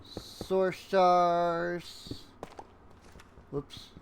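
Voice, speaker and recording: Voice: medium pitch, completely flat delivery, drawn-out words, gravelly, slight background noise. A streamer giving casual game commentary with chatty, self-deprecating asides.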